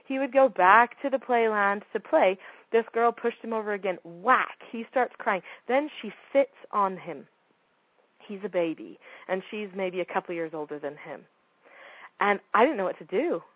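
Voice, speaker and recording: A woman's voice: medium pitch, normal speed, breathy edge, no room sound, muffled recording. A woman giving a talk on parenting, speaking emphatically and firing off rhetorical questions. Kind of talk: talk to an audience.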